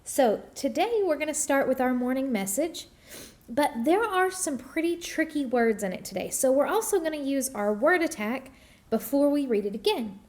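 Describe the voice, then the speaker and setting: Woman, teacher, kids' phonics lesson, slightly high voice, patient. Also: animated, darkish tone. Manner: slow, patient, sounding out word parts. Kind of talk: online phonics lesson for young kids.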